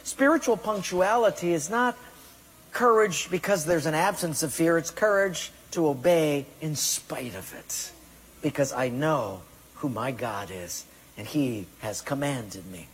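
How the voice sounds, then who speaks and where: A man's voice: on the high side, expressive, a little slow, slightly rough. A man preaching a sermon emphatically, acting out people's excuses and God's commands in quoted voices. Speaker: pastor. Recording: long hall reverb.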